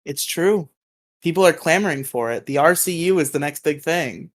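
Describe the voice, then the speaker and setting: Podcast co-host, male, fairly high voice, rambling and self-deprecating, laughs a lot, voice-call audio. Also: expressive, normal speed. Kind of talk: casual chat. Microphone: voice chat call.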